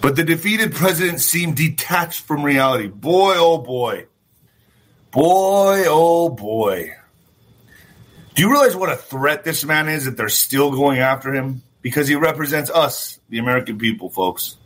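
Middle-aged man, livestream host, husky, bright and brassy tone, slightly high voice, profane, animated political rant. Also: a little fast, few pauses. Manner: talks to viewers directly, asks for thumbs up.

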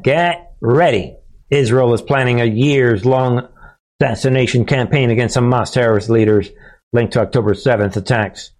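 Emphatic male commentary host. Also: medium pitch. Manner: emphatic, punchy asides, repeated catchphrases; talks straight to viewers with frequent restarts. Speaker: host of a political commentary channel. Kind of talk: casual monologue commentary.

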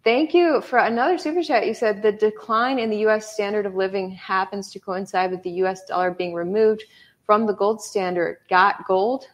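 A woman's voice: mid-range voice, normal speed. A woman hosting a casual livestream chat, blunt and joking, often laughing as she talks. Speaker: host.

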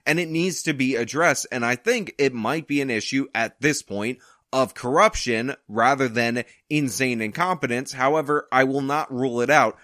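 A male channel host who reacts to the news with exasperation and sarcasm. His voice is bright and forceful. It is recorded dry, with no room sound, in his apartment. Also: mid-range voice, moderate pace, dry recording. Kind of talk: commentary on a news story.

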